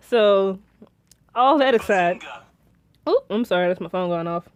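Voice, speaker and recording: At a moderate pace and medium pitch, with no room sound, a young woman excitedly goes over a TV episode and theorizes about it. Her casual recap rambles, full of fillers and restarts.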